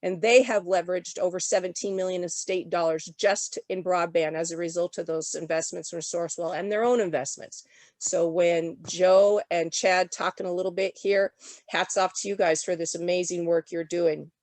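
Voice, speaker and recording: Fast-talking woman briefing a video call. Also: fairly low pitch, fairly even intonation, darkish tone, no room sound. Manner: rapid-fire auctioneer-style delivery. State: sick. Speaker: regional development commission presenter. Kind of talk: briefing presentation at an online summit.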